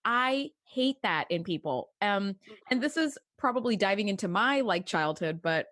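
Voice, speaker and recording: A woman co-hosting a podcast in casual chat, expressive and playfully exasperated. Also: mid-range voice, moderate pace, no echo. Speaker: podcast co-host.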